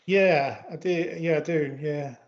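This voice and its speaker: A man's voice: a little high, steady tone, slow pace. A man from England co-hosting a casual chat, telling anecdotes in a chatty storytelling way. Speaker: co-host. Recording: dull lo-fi sound.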